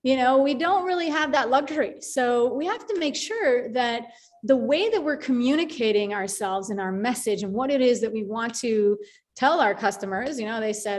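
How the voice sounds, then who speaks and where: A woman hosting a live online group call, talking in a chatty, animated way with many fillers and restarts. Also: on the high side, normal speed. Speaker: call host.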